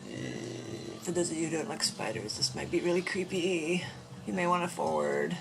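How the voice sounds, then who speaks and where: A woman's voice: sits low, wildly swooping pitch, moderate pace, vocal fry, very noisy. A woman showing off her puppet collection at home in a casual, upbeat show-and-tell chat, rambling along with fillers. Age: adult parent. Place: home room full of collectibles.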